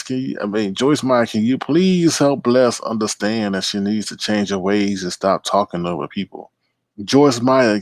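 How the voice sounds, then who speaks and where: A man's voice: medium pitch, no echo, studio quality. A man hosting a late-night livestream, chatting casually, greeting viewers by name and rambling through asides. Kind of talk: casual live-stream commentary.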